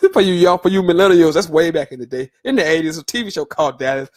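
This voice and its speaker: A man's voice: on the high side, fast. A middle-aged man hosting a solo sports talk podcast, loose and opinionated, with fillers and stumbles as he reads through lists.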